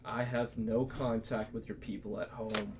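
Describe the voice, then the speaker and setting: A man voicing a gruff older bartender who scolds kindly, in a tabletop game. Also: fairly low pitch, level tone, unhurried, background noise. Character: gruff older male bartender, stern but caring.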